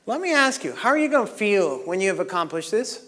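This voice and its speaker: A man leading a live motivational workshop on a microphone, energetic and coaxing, shouting encouragement at the group. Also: high voice, brisk. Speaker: workshop leader. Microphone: handheld microphone. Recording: long hall reverb.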